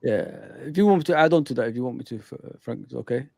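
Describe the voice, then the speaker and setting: A man who is a guest in a casual football fan chat. He is animated, repeats himself and often addresses the host by name. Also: mid-range voice, fast talker, vocal fry, dry recording.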